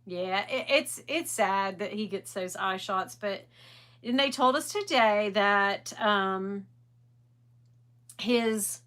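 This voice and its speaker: A woman's voice: medium pitch, slow. A middle-aged woman hosting a casual livestream, chatting in a rambling way and greeting viewers by name. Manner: animated. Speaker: livestream host.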